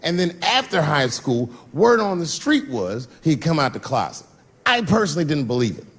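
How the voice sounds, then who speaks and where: A man's voice: a little high, moderate pace. A middle-aged man doing a stand-up routine on a theater stage, telling stories and acting out the other people in them. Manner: animated storytelling, acting out voices. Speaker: stand-up comedian. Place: theater stage before a laughing audience.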